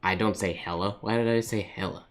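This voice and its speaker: A man's voice: fairly low pitch, steady tone, fairly quick, faint music behind. A man hosting a live calligraphy stream, chatting casually and thinking aloud as he writes, laughing often and answering viewers. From Canada. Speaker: calligraphy livestream host. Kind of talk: casual chat while writing live.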